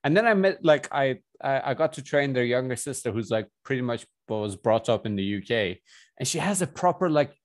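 A man's voice: mid-range voice, brisk, no echo. A young man from India with an accent that mixes Indian and British, chatting casually as a personal trainer, rambling and chuckling. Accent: Indian mixed with British. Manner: rambling, animated, chuckles often. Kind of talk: casual chat.

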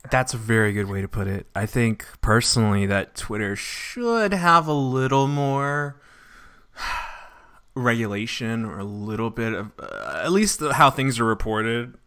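A man hosting a casual interview podcast, chatty and quick to laugh. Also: medium pitch, lively intonation, bright, forceful tone, smooth. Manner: laughs easily, loose and chatty. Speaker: podcast host.

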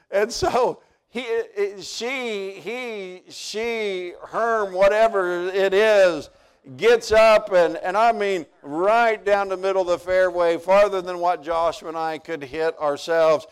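Pastor guy, kinda high voice, folksy stories in a sermon, gets loud and fired up. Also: slow, smooth. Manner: folksy and animated, building to near-shouts. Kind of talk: storytelling sermon.

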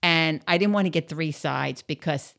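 A woman's voice: low voice, normal speed, gravelly, fairly bright tone. A woman telling a casual story to the camera, chatty and blunt, with plenty of swearing and filler words.

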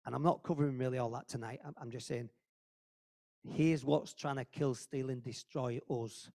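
A man's voice: medium pitch, fairly even intonation, normal speed, creaky, mellow. A man giving an informal, earnest sermon to a church group, talking conversationally and repeating phrases for emphasis. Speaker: lay preacher at a church meeting.

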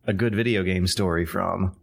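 A man on a casual gaming podcast, with a low voice. He rambles through the news with many fillers and restarts. He keeps talking while he eats. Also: steady tone, normal speed. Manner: rambling, filler-heavy, does gruff old-man impressions. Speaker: podcast co-host.

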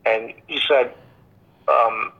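A man's voice: mid-range voice, fairly even intonation, extremely slow, lo-fi sound. A male author casually retelling his story, rambling with frequent restarts. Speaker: guest author.

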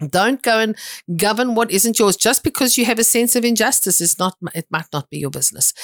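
Middle-aged woman minister, earnest, exhorting, lively storyteller, dry close sound. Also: medium pitch, brisk, no room sound. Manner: earnest, exhorting, retells events with lively quoted dialogue. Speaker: prophetic minister. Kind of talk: spoken sermon with personal testimony.

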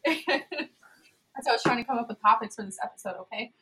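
A bubbly young woman with a somewhat high voice co-hosts a casual podcast. She talks in loose, filler-filled bursts and laughs easily. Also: fast talker, a bit bright, rough recording. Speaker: podcast co-host. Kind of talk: casual chat.

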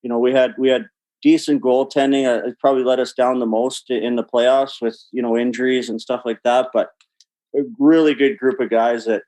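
A man spins a meandering anecdote full of swearing and small laughs. His voice sits at a plain middle pitch. He talks as an interview guest looking back on his playing days. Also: steady tone, a little fast, dark tone, rough recording. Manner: rambling, profane, laughs mid-story. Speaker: guest, former hockey player. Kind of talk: casual storytelling.

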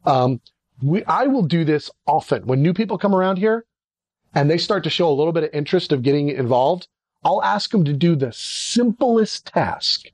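A man's voice: moderate pace, breathy edge, no echo. A middle-aged man, a ministry leader, giving a conversational leadership teaching and acting out little dialogues. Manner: animated, acts out little dialogues with sudden pitch jumps.

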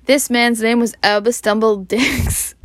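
Woman, storybook reader, slow and halting, stumbles and rereads, close dry sound. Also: on the high side, no echo. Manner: halting, stumbles and rereads words, laughs at slips. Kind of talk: reading a storybook aloud.

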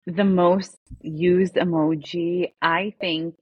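Husky-voiced cheerful woman guest. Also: fairly low pitch, fairly even intonation, highs cut off. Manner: cheerful, chatty, quick to laugh. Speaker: podcast guest. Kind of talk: casual interview chat.

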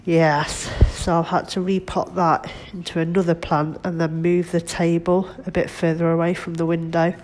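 Low-voiced woman with a stuffy cold. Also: little pitch movement, normal speed, few pauses, darkish tone, slight background noise. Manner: chatty, rambling, self-deprecating. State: congested with a cold. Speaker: vlogger. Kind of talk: casual chat. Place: home kitchen.

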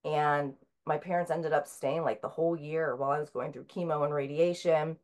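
Low-voiced woman author, halting chat. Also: steady tone, a little mellow. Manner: hesitant, many filler sounds and restarts. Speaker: author and interview guest. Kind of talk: casual conversational interview.

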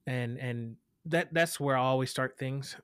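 A man answering an interviewer's questions as an equity educator, earnest and animated, often restarting his sentences. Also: mid-range voice, measured pace, smooth, no echo, studio quality. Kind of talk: interview conversation.

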